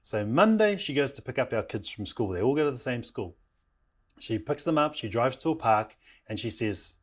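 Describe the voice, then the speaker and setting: Animated male storyteller from New Zealand. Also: mid-range voice, moderate pace. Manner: animated storyteller acting out family voices. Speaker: parenting program speaker. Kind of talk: storytelling talk.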